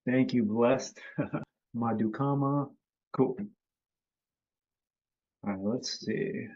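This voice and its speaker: An easygoing man hosts a live-stream lesson over a video call. His voice sits at a medium pitch and he greets people by name. The call audio sounds slightly dull and lo-fi. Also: extremely slow, darkish tone. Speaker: host and company CEO. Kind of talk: casual live-stream teaching.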